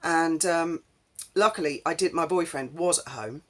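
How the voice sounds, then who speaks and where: A woman's voice: low voice, moderate pace, fairly bright tone. A woman, telling a casual story in a chatty, rambling way full of ums. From England. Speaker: vlogger.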